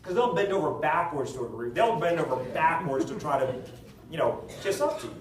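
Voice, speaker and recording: A man, a political candidate, answering at a town hall meeting, telling anecdotes with jokes in a lively storytelling manner. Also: fairly high pitch, fairly quick, distant mic. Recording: echoey hall recorded from afar.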